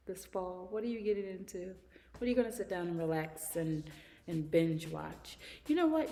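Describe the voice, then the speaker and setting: A woman's voice: medium pitch, expressive, moderate pace, vocal fry, dark tone, soft background music. A woman hosting her own podcast, chatting casually in an easygoing, laugh-prone way and repeating phrases for emphasis. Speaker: podcast host. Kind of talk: casual solo podcast chat. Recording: long hall reverb.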